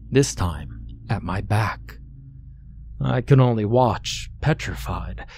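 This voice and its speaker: A man reading a horror story aloud in measured, scripted narration. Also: lowish voice, a little mellow, slight background noise.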